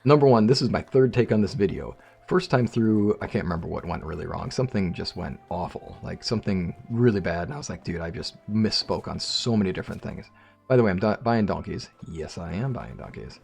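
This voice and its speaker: Gravelly low-voiced man rambling over gameplay. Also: expressive, a little fast, few pauses, darkish tone, soft background music. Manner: rambling, jokey, talks to viewers. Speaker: let's play host. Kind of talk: casual gameplay commentary.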